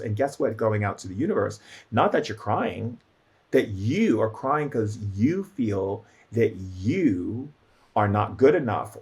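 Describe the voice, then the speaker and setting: A man with a fairly low voice gives a spiritual teaching as a shaman guest. He talks emphatically and repeats phrases for effect. He acts out quoted voices and sometimes gropes for words with fillers.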